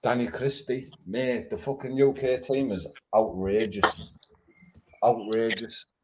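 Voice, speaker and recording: A man's voice: medium pitch, steady tone, takes it slowly, heavy background noise. A man co-hosting a casual fight chat, blunt and enthusiastic, swearing freely. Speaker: co-host.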